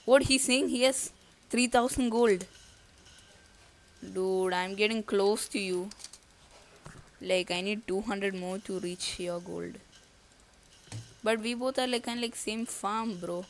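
Slow-talking jumpy woman gamer. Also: mid-range voice, a little hiss or hum. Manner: jumpy, thinks aloud, nervous outbursts; casual slangy talk to viewers. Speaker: gaming YouTuber. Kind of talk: live gameplay commentary.

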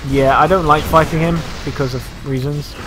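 Man, slightly high voice, casual gameplay commentary, sarcastic jokes, faint music behind. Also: steady tone, normal speed. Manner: joking, sarcastic, self-mocking.

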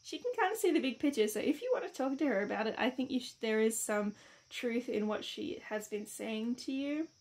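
A woman's voice: fairly high pitch, lively intonation, fairly quick, darkish tone. Chatty tarot reader, woman. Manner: chatty, reassuring, rambling with fillers. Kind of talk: casual tarot reading to camera.

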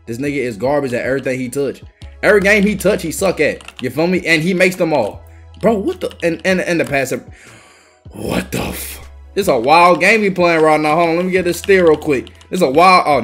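Excitable young man calling gameplay. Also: on the high side, breathy edge. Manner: excitable, swearing trash talk with bursts of yelling. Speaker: gaming YouTuber. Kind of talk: live gameplay commentary.

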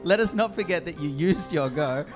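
A man's voice: fairly high pitch, expressive. Man running a tabletop game. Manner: brisk, rule-checking narration with laughs. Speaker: dungeon master. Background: music.

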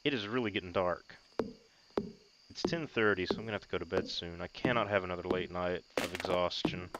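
A man with a fairly low voice gives casual gameplay commentary, joking at his own expense and getting excited over small wins. A steady hiss sits under the home recording. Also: brisk. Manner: joking, self-mocking, excitable. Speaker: gaming video host.

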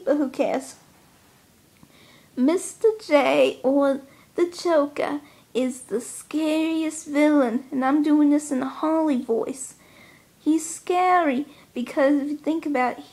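A giddy cartoon villain's sidekick, voiced by a young woman with a put-on Jersey-Brooklyn accent. She drawls and overplays each line in a high voice. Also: creaky, darkish tone, full character voice. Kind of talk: amateur character impression.

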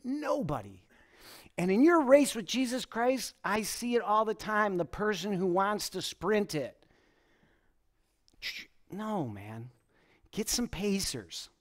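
A male pastor preaching a relaxed, story-driven sermon at a church service. His voice sits a little high for a man and swings up and down with lively intonation. He often chuckles and restarts his sentences as he talks. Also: takes it slowly, long pauses. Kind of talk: conversational sermon with personal stories.

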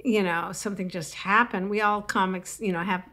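A woman who is a comedian and public speaking coach, talking in a podcast interview and acting out punchlines with high whoops. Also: moderate pace. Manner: animated storyteller acting out quips with high whoops.

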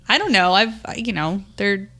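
A woman in a casual podcast chat, chatty and quick-witted. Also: mid-range voice, expressive, bright, forceful tone.

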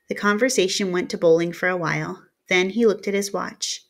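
A woman reading a novel aloud in a steady storytelling manner, narrating in the first person. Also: mid-range voice, moderate pace, vocal fry. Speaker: reader. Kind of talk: audiobook narration.

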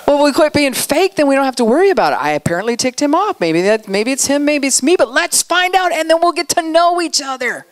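Animated woman preaching conversationally. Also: sits high, a little fast. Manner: storytelling, acts out quotes with animated voices. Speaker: speaker at a church outreach. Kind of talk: conversational sermon.

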